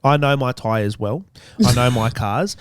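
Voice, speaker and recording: Australian man, podcast co-host, animated storyteller, mimics voices, dry close studio sound. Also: medium pitch, a little slow, smooth, no echo. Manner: animated, acts out voices in his stories. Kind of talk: casual storytelling chat. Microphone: studio microphone.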